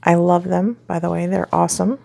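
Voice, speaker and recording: A woman talks through a home recipe in a relaxed, rambling way, full of "um" and "like". Her voice sits a little low and has a gravelly edge. She sounds easygoing as she explains each step. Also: brisk, slight background noise. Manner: chatty, rambling, many fillers. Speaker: home cook showing a recipe. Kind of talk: casual cooking demonstration.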